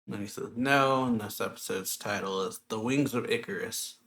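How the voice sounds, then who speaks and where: A man's voice: lowish voice, fairly even intonation, brisk, vocal fry, a bit bright. A man hosting a manga review channel, loosely recapping a chapter with lots of fillers. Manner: loose, filler-heavy retelling of the plot.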